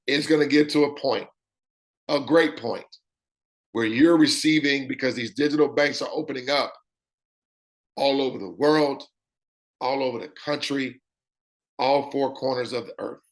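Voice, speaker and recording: A man with a raspy voice delivers an animated sales-pitch demonstration. His pitch sits in an ordinary middle range. He keeps tossing in "okay?" to check that his listeners are with him. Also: normal speed, pauses often. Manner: animated, repeats "okay?" often. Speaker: presenter.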